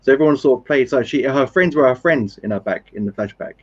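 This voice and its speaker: A man's voice: medium pitch, fast, darkish tone. A man rambles through his view of a film on a casual live stream, building his point with example after example and plenty of fillers. The audio is slightly dull and lo-fi. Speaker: film discussion panelist.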